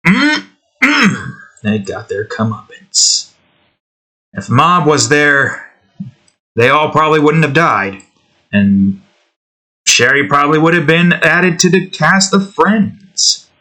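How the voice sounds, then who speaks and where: A man talks slowly and loosely while he works on a drawing, rambling and musing to himself. His tone is bright and a little sharp, and his thoughts often trail off halfway. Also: medium pitch. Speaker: channel host drawing on stream.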